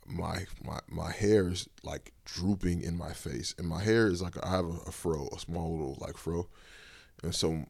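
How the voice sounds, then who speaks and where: A man's voice: low-pitched, moderate pace, creaky, darkish tone, husky, dry recording. A man hosting his own podcast, casually retelling a personal story in a loose, rambling way with lots of fillers. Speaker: podcast host.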